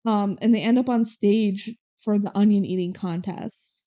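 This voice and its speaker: A woman's voice: medium pitch, fairly even intonation, dark tone. A woman co-hosting a podcast, casually recapping a movie and acting out characters' lines as she goes. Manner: retells scenes with quick quoted voices and laughs. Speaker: podcast co-host.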